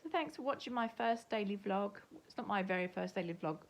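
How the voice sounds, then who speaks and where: A woman's voice: medium pitch, animated, fairly quick. An older woman with an English accent, rambling chattily to camera in a casual home vlog. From England. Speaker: vlogger. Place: at home, indoors.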